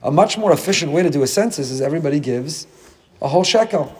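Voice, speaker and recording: A man's voice: fairly high pitch, lively intonation, fast, breathy edge. A man teaching a Torah class as a rabbi, delivering an emphatic sermon full of rhetorical questions. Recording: long hall reverb.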